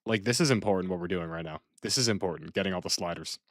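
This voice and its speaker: A playful man talks through a game on stream, rambling and circling back to repeat his points. His voice sits fairly low. The sound is dry and close, with no room around it. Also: quick pace, fairly bright tone, no echo. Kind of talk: casual gaming stream commentary.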